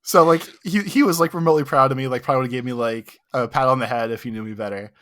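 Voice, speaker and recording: A man's voice: medium pitch, fast, fairly bright tone. Rambling young man telling a story. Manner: rambling, heavy use of "like", self-mocking. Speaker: podcast co-host. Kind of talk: casual storytelling.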